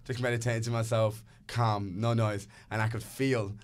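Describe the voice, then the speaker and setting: A man's voice: fairly low pitch, normal speed. A man, a dancer and choreographer, chatting as a podcast guest and acting out bits of dialogue. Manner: animated storyteller, acts out dialogue. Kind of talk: casual podcast conversation.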